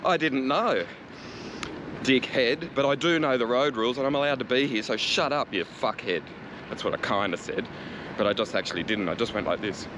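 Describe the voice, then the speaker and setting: A man's voice: medium pitch, fairly quick. An Australian man vlogging while cycling city streets, chatting casually with sarcastic, sweary asides. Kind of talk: casual ranting commentary while riding. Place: outdoors on a city street, riding a bike. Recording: street and traffic noise behind.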